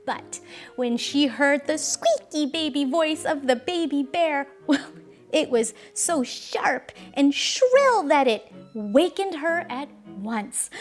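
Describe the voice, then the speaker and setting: A woman reading an English fairy tale aloud with expressive, unhurried storytelling. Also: sits high. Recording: faint music underneath.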